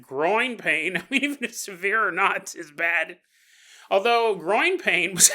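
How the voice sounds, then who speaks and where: Jokey podcast host, man, high and bright, laughs a lot while telling stories. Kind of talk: comedic storytelling.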